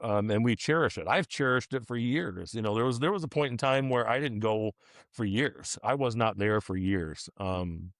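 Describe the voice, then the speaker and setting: A man's voice: on the low side, normal speed, no room sound, studio quality. A man co-hosting a casual podcast chat, telling long rambling stories and acting out what people said. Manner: rambling storyteller, acts out quotes. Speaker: podcast co-host.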